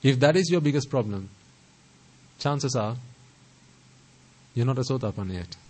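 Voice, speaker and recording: A man's voice: medium pitch, expressive, normal speed, darkish tone, breathy edge, poor audio. A man giving a Buddhist sermon, asking the listeners rhetorical questions and repeating phrases to stress his points. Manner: stresses pronunciation carefully. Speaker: Buddhist teacher.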